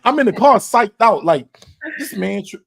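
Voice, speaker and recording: Animated man telling a story. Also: high-pitched, normal speed, gravelly, husky. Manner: animated storyteller, repeats words, cusses, acts out quotes. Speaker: podcast host. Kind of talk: casual storytelling chat.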